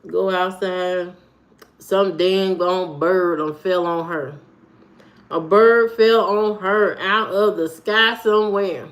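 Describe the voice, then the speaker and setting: A woman's voice: fairly low pitch, fairly even intonation, takes it slowly. A woman live streaming from home, chatting loosely with viewers and reading their comments in a rambling, talkative way. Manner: rambling, loose and talkative, with frequent fillers and repeats. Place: at home, indoors.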